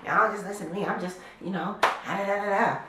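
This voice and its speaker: A man's voice: high-pitched, steady tone, fast talker, reverberant, background noise, pitched above the performer's own voice, lightly acted. A man voicing his short, nagging mother as she tells the family that she warned them. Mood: smug. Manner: nagging, singsong. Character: short, nagging mom, smug and told-you-so.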